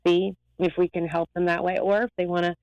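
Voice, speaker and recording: A woman eye doctor talking as a guest in a lively, rambling, emphatic way. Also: fairly low pitch, brisk, dry recording, muffled recording. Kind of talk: casual interview talk.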